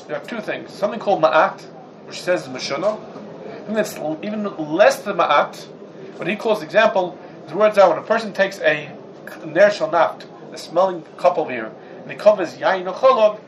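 A man teaching a Talmudic lecture, lively and full of rhetorical questions, dropping Hebrew and Yiddish terms. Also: sits high, slight background noise, rough recording. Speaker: Torah class teacher.

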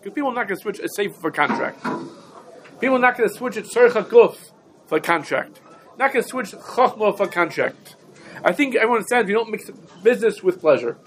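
A high-pitched man gives a Talmudic lesson. He fires off rhetorical questions and hammers points home through repetition. A faint hiss of noise sits under the voice. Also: fairly bright tone, poor audio. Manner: rhetorical questions, emphatic repetition, Yiddish-Hebrew terms. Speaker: Torah teacher. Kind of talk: Talmudic shiur lecture.

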